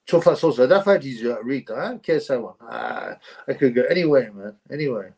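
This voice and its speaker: A man's voice: medium pitch, lively intonation, brisk, gravelly, a little mellow, husky. A man hosting a casual livestream, reading out viewer comments in a chatty, rambling way and laughing often. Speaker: livestream host.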